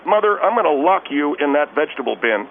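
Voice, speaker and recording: A man voicing a flustered, defensive radio caller who stammers and talks in halting bursts. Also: fairly high pitch, sing-song. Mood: snappish. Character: flustered middle-aged male radio caller, defensive and touchy. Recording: phone line with faint hiss.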